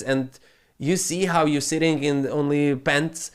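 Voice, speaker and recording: A man's voice: fairly high pitch, takes it slowly. Profane, ranting male crypto host. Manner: profane, animated, non-native phrasing. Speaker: crypto trading channel host. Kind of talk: ranting market commentary.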